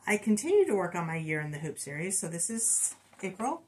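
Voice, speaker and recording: A middle-aged woman with a low voice, chatting casually about her stitching progress. She reports her stitch counts and pokes fun at herself in an easy, homey tone. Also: big pitch swings, a little fast, darkish tone, a little hiss or hum. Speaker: co-host of a cross-stitch channel. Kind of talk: casual chat.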